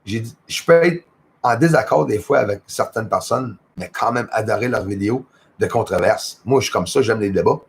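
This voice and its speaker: A man's voice: fairly low pitch, a little fast, vocal fry, a little hiss or hum. A man hosting a livestream, chatting casually and greeting viewers by name as he rambles along. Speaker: livestream host. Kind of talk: casual chat reading out viewer comments.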